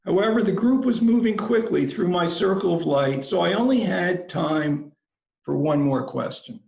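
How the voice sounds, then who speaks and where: A man giving a commencement address, telling a story in a slow, measured, reflective way. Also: sits high, vocal fry, darkish tone. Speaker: commencement speaker. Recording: roomy, slightly dull recording.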